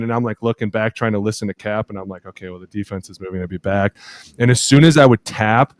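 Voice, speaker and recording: A man in his thirties, a podcast co-host telling lively locker-room stories, acting out quotes and laughing often. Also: on the low side, fast talker, no echo, clean studio sound. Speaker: podcast co-host, former offensive lineman. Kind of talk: casual chat, animated storytelling.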